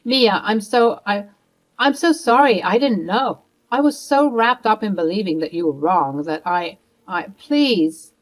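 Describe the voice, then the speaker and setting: A woman's voice: mid-range voice, animated, unhurried, close to an everyday voice, poor audio. A woman voicing a spiteful older mother-in-law who sneers and later begs. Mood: pleading. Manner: dismissive, then begging.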